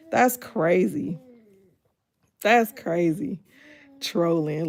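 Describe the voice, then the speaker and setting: Animated woman chatting on a livestream. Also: medium pitch, normal speed, soft background music. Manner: animated, laughs often, talks back to the screen. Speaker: livestream host. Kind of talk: casual livestream chat. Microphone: phone.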